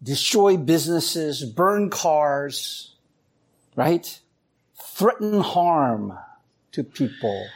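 A man's voice: fairly high pitch, very slow, slightly rough. A man preaching a sermon, telling stories and acting out voices as he goes. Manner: animated storytelling, acts out voices. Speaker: pastor.

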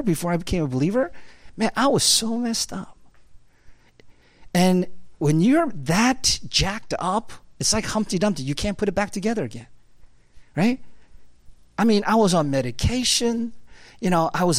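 Lively, chatty male pastor preaching. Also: high-pitched, no room sound. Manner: casual and chatty, full of fillers, laughing often. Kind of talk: conversational sermon.

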